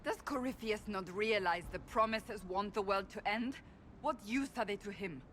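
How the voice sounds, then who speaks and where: A woman's voice: mid-range voice, moderate pace, a bit bright, lightly acted. Woman playing a proud woman warrior, firm, commanding, fantasy game, faint noise. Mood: grave. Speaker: warrior companion. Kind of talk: video game voice acting.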